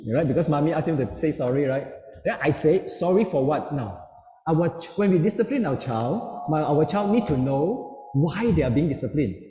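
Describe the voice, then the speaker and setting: Brief: middle-aged male speaker, darkish mellow tone, a bit higher-pitched, lively storyteller who acts out quotes, heard in a reverberant hall. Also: moderate pace, soft background music. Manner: storytelling, acting out quoted voices. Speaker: seminar speaker. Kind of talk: parenting seminar talk. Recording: echoey hall with long reverb.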